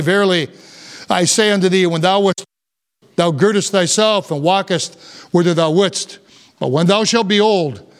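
A man preaching an impassioned sermon, rising to emphatic peaks. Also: a little high. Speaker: pastor.

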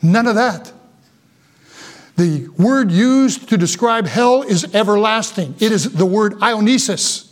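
A male pastor preaching a fervent sermon, sinking low and quiet for solemn warnings and rising when urging his hearers. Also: lively intonation, slow pace.

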